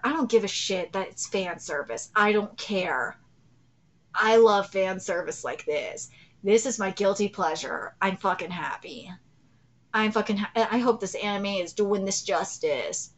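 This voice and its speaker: A woman in her thirties hosting a live reaction video, swinging from loud gasping excitement to low, swearing rants. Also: moderate pace. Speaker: channel host reacting to a manga chapter.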